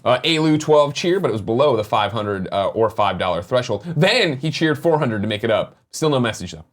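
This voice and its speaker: Casual co-host, male, 30s, lively delivery, reads viewer messages with jokes. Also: medium pitch, brisk. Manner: joking, animated, swears casually. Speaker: podcast co-host. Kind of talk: reading viewer tips aloud on a live morning show.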